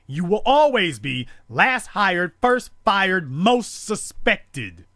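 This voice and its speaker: Impassioned talk-show host, high and lively. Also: male voice, slow, no room sound, clean studio sound. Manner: forceful, rhetorical, repetitive emphasis. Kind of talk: impassioned call-in show monologue.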